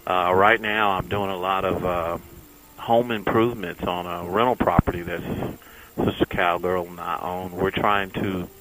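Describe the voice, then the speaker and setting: A Texan motorcycle vlogger rides the freeway while chatting casually and folksily to his viewers. His low voice is a bit bright with little pitch movement and a normal speed, on poor audio with some hiss or hum.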